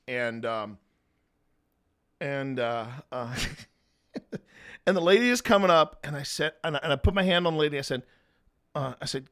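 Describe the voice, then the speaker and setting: A man's voice: on the high side, expressive, moderate pace, long pauses, a bit bright. A man co-hosting a live-streamed podcast, telling a long story in a rambling way with restarts and laughter. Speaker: podcast co-host.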